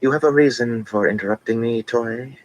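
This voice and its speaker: A man voicing a cool, imperious young noblewoman in an audiobook, with a slow honeyed drawl. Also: low-pitched, big pitch swings, fairly bright tone, breathy edge, voice pushed up, heavily acted, low-quality recording.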